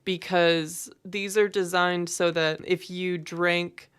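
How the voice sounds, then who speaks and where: A woman's voice: fairly low pitch, flat delivery, slow pace, a bit bright, clean tone. A young adult woman co-hosting a casual chat, talking in a chatty way with lots of fillers. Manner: chatty, filler-heavy, laughs easily. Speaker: podcast co-host.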